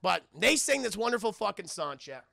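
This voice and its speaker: A man's voice: high voice, big pitch swings, brisk, creaky, bright, forceful tone, no echo, clean studio sound. A man recapping a film on a live stream, rambling and profane, talking to his chat.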